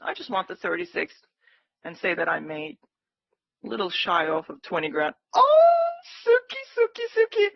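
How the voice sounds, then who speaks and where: A woman's voice: lowish voice, moderate pace, gravelly, pauses often, slightly rough, no echo, dull audio. A woman hosting a live day-trading stream, calling out price targets and eagerly urging the market on. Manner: excitable, cheering the market on, pleading. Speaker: day-trading livestream host.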